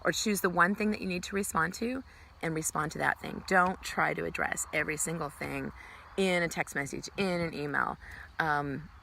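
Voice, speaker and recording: A middle-aged woman talks through her life tips in a relaxed, motivational way, with plenty of thinking fillers. Her voice sits low with a gravelly texture, yet comes across bright and forceful. A faint hum of room noise sits behind her. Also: moderate pace. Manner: earnest, many "um" fillers, acts out quoted greetings brightly. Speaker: ministry speaker giving life tips. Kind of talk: casual motivational talk.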